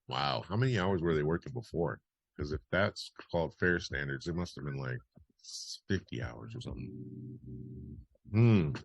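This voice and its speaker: Deep-voiced man hosting a wry news podcast. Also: expressive, moderate pace, creaky, dull audio. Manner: wry, chatty asides while reading. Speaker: podcast host. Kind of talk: casual news commentary.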